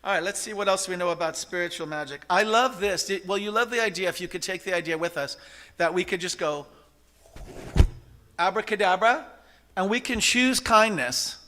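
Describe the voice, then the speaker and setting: Bright-voiced man giving a spiritual talk. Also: high voice, normal speed. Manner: lively, interactive, asks the audience questions. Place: church service hall.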